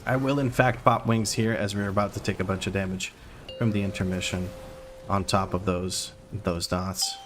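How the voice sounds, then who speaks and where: A man's voice: low voice, fairly even intonation, normal speed, background noise. A man streaming a game, giving running play-by-play with wry asides to his chat. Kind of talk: live gameplay commentary.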